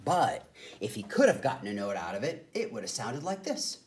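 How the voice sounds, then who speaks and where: A woman teacher reading a picture book aloud to young children as an expressive storyteller. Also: very deep voice, normal speed. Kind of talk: children's read-aloud narration.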